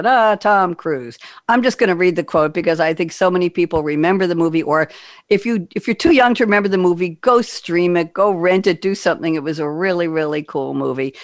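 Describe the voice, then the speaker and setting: A woman's voice: low voice, no room sound, studio quality. A woman hosting a live online panel, bubbly and chatty, asking questions and reading quotes aloud. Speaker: panel host.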